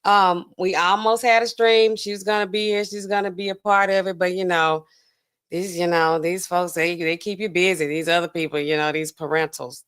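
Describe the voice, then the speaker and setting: A woman pharmacist hosting a casual livestream and talking to her chat in an animated, chatty way full of fillers. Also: on the low side, clean tone.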